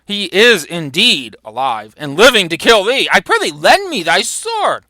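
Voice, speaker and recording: A man's voice: high-pitched, wildly swooping pitch, a little slow, bright, forceful tone, no room sound, voice pushed up, heavily acted. A man reading the lines of an urgent young prince in a Shakespeare play.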